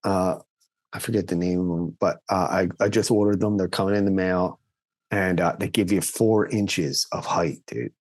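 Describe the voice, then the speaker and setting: A man's voice: low-pitched, steady tone, normal speed, no room sound. A young man co-hosting a podcast, laid-back and laughing often as he tells stories in casual chat. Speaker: podcast co-host.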